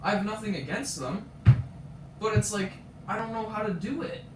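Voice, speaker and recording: A man's voice: sits high, moderate pace, heavy background noise. A teenage boy, streaming a frustrated, swear-filled rant about his school. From Canada. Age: teens. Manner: frustrated, swears often, retells scenes with quoted voices. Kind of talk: ranting casual stream chat. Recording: roomy echo, distant from mic.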